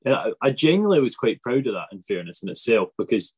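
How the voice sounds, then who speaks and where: A man's voice: medium pitch, very animated, quick pace, breathy edge. A young man in his twenties hosting a podcast, chatting and joking with a friend. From Scotland. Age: 20s. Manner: joking, teasing. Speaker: podcast host. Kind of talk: casual chat.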